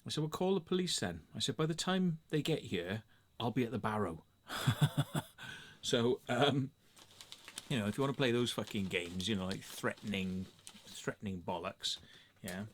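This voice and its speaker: A middle-aged English man telling a story in a sweary, sarcastic, animated rant to camera. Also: fairly low pitch, normal speed, slight background noise. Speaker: vlogger. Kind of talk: casual ranting monologue.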